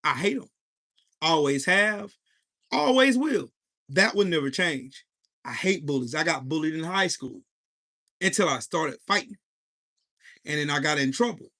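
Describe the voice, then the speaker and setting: On his live podcast, a man in his 40s recounts a heated story laced with swearing and stops now and then to say hello to the chat. He sounds expressive, pushed, and bright, slightly higher than the typical male voice, speaking at a measured pace with long pauses.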